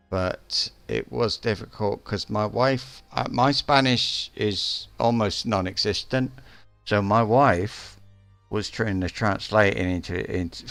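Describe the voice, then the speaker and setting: Slow, low-voiced man chatting on stream. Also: creaky, fairly bright tone. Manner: rambling, hesitant, with many restarts and fillers. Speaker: game streamer. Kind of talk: casual chat during a live game stream.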